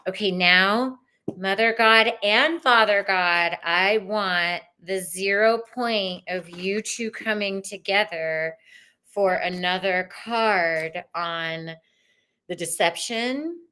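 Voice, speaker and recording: A woman's voice: mid-range voice, takes it slowly, sharp tone, smooth. A middle-aged woman hosting a live-streamed tarot reading, chatty and exclamatory with spiritual messages. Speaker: tarot reader and host.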